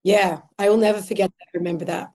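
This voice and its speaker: An Australian woman in her thirties, a podcast guest telling personal stories in an emotional, animated way. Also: medium pitch, fast. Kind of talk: casual conversational storytelling.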